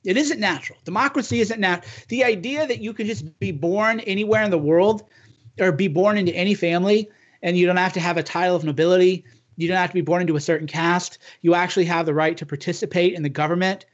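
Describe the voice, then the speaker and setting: A man's voice: high-pitched, quick pace, lo-fi sound. A man in earnest, casual political chat who talks emphatically and often restarts his sentences.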